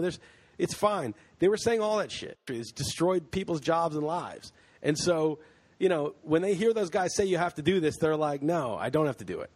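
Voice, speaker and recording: A man hosting a podcast in casual chat, heated and ranting, swearing freely. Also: on the high side. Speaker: podcast host.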